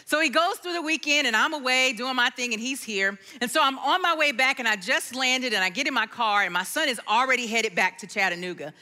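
A woman preaching a sermon, telling a family story in an animated storytelling way before turning to scripture. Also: high voice, a little fast, few pauses. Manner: storytelling, animated, acts out quotes.

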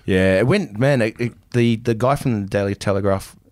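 A man's voice: fairly low pitch, normal speed, no room sound, studio quality. A young man from New Zealand, a podcast guest, telling stories in casual chat, laughing often and acting out what others said. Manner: animated, laughs often, acts out quotes.

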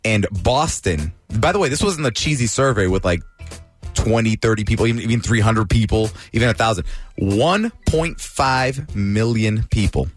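A man's voice: on the low side, lively intonation, moderate pace, faint music behind. A man hosting a morning radio show, joking around and hyping things up theatrically. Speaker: radio host.

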